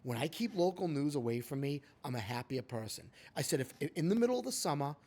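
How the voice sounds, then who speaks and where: A man's voice: on the high side, big pitch swings, fast, mellow. A man hosting a podcast, talking casually and emphatically, often calling his co-host by name.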